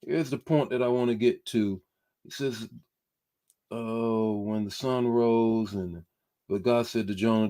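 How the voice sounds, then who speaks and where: A man's voice: lowish voice, steady tone, unhurried, dark tone. Preaching man, fervent and repetitive. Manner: impassioned, repeats phrases, reads comments aloud. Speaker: bishop, preacher. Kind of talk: sermon.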